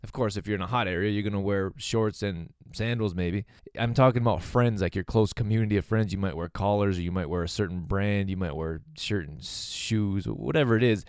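A man hosting a solo wellness podcast in a relaxed, rambling way, chuckling between thoughts, with a mixed North American accent. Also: on the low side, fairly quick, clean tone, dry recording, clean studio sound. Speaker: podcast host and fitness coach. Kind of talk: casual solo podcast talk. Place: lives in Canada.

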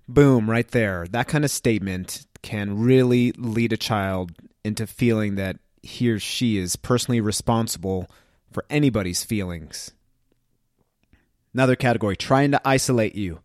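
A middle-aged man talks earnestly in a reflective podcast monologue, reading a list of phrases aloud one after another. His voice sits at an ordinary pitch, and the recording is dry and close with no room sound. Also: normal speed, dry recording. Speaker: parenting podcast host.

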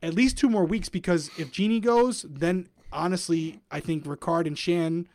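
A man's voice: a little high, normal speed, darkish tone, dry recording. Man on a dry close mic. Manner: musing, thinks aloud with many hedges. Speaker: podcast co-host. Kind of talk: casual recap chat.

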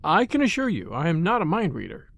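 A man reading aloud, voicing a calm, sensible country woman who works as a paid companion and speaks in a polite, measured way. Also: a little high, vocal fry, no room sound, heavily acted.

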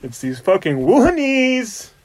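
A man's voice: sits high, very animated, a little slow. A young adult man, a comedian hosting a podcast, bantering loosely, swearing freely and often restarting his sentences.

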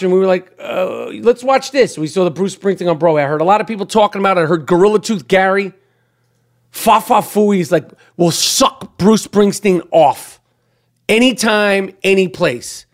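A middle-aged man hosting a podcast in a casual monologue, talking bluntly and profanely and rambling with frequent restarts. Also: sits high. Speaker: podcast host.

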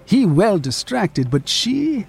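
Narrator, literary story reading, slow and rhythmic, lingering on words, faint music behind. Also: mid-range voice, big pitch swings, vocal fry, slightly rough.

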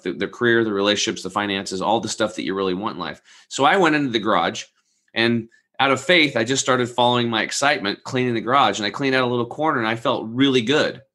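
Speaking at a medium pitch, a man in his forties appears as a guest and tells a rambling personal story in casual conversation. His tone is bright and forceful; he acts out the people he quotes and swears casually along the way.

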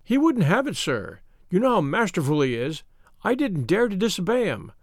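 A man putting on a worried, deferential servant in a storybook reading, voice lifted higher and lively. The sound is dry and close. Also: normal speed, no room sound, exaggerated voice. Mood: urgent worried. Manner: urgent, deferential.

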